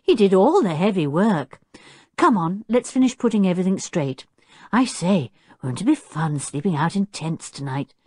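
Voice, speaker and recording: A woman voicing a bold, keen tomboy girl who speaks briskly and with enthusiasm. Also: fairly low pitch, lively intonation, darkish tone, slightly rough, no room sound, clean studio sound.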